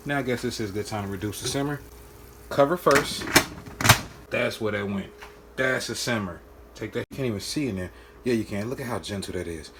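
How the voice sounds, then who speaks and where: A man's voice: mid-range voice, slight background noise. A man in his home kitchen, playfully talking his nephew through a home-cooked meal in a casual cooking vlog. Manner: playful, joking, with drawn-out sounds and soft asides.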